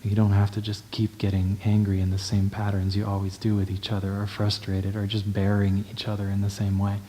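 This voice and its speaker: A male meditation teacher giving a dharma talk in a gentle, unhurried way, often checking in with the listener. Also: on the low side, monotone, slight background noise.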